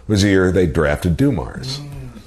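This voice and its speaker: A man in his sixties, a radio personality telling animated anecdotes as a guest, slipping into quoted voices. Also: deep voice, normal speed. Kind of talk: storytelling in interview.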